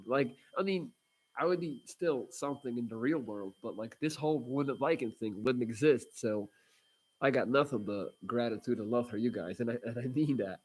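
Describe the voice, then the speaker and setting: With a slightly rough, medium-pitched voice, this livestream host reads viewer comments aloud. He chats casually and bluntly, rambling with plenty of fillers and restarts.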